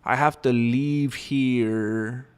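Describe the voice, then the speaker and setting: A man's voice: medium pitch, fairly even intonation, extremely slow, clear, resonant tone. A young man hosting a livestream, talking candidly and rambling in casual chat with viewers. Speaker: livestream host.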